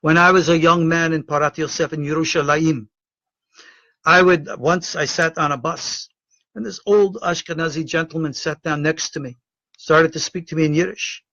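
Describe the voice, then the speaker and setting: A middle-aged American man, a rabbi and Torah teacher, giving an emotional, indignant video address full of halting repetitions. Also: a little high, steady tone, pushed and bright, no room sound, lo-fi sound. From United States.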